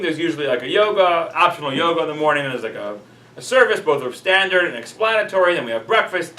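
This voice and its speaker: A rabbi teaches a class in a casual, chatty storytelling style, peppered with "like" and "you know." His voice is fairly high, bright, and forceful, picked up by a distant mic with a roomy echo.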